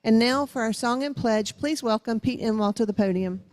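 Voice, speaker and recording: A woman opening a club meeting with clear, polite, scripted announcements in a museum meeting hall. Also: on the high side, normal speed, a little mellow. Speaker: meeting presenter.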